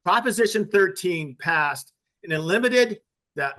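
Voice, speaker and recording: A man's voice: sits high, expressive, measured pace, sharp tone. A man on a podcast panel, explaining a topic at length through a story in casual discussion.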